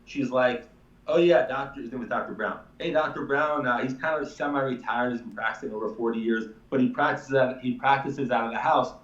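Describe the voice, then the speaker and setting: A man's voice: medium pitch, fairly quick, reverberant, far from the mic, dull audio. A man telling a long story in casual, emphatic talk, a chiropractor guesting on a live show. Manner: animated, emphatic, swears casually.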